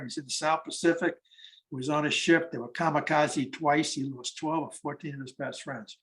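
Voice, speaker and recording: A man's voice: on the high side, moderate pace. A man of eighty telling stories about the war veterans he interviewed, acting out the conversations. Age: 80s. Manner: animated storyteller acting out conversations. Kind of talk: storytelling talk.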